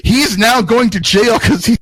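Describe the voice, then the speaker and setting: A man's voice: very high voice, unhurried. A man telling a long story on a podcast in casual, profane talk, acting out what people said. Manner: animated, acts out quotes, swears often.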